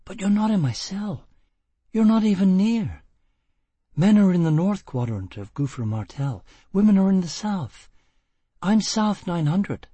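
A man voicing a hot-tempered young woman prisoner who talks in quick, excited bursts. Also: sits high, slightly rough, no echo, pitched above the performer's own voice, heavily acted. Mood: urgent, excited.

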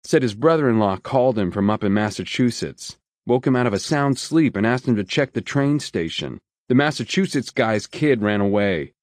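A man's voice: mid-range voice, animated, normal speed, few pauses, darkish tone, dry recording, clean studio sound, natural voice. A man voicing a chatty, insistent male railroad loader in an audiobook. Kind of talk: audiobook character voice.

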